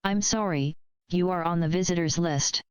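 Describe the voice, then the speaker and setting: A woman's voice: lowish voice, moderate pace, smooth, no room sound, natural voice. A woman reading aloud, voicing a snooty hospital receptionist who speaks in a sickly sweet, uppity way. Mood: flustered.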